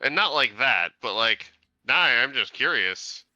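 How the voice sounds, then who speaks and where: A man's voice: medium pitch, lively intonation, measured pace, pushed and bright, dry recording, muffled recording. A man playing a tabletop game, with hesitant, meandering replies. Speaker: player. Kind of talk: casual chat at the table.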